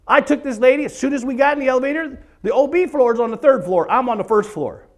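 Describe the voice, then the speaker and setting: A man's voice: very high-pitched, fast talker, hardly any pauses. A man in his forties doing a comedy monologue at a church event, acting out stories with sung and screamed bits. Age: 40s. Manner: animated storyteller, breaks into singing and screaming bits.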